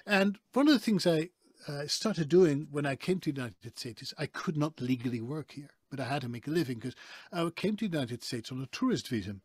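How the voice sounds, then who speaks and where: A man's voice: on the high side, a little fast, slightly rough, no room sound. A man with a Dutch accent, telling stories as a guest in a casual interview. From Netherlands. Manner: lively, expressive storyteller. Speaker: guest, voice actor.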